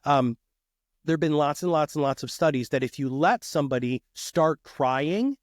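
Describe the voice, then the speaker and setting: Man, podcast guest, energetic, emphatic, fairly high voice, dry close sound. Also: a little fast, no room sound. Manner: energetic, emphatic, calls the host dude. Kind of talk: casual podcast conversation.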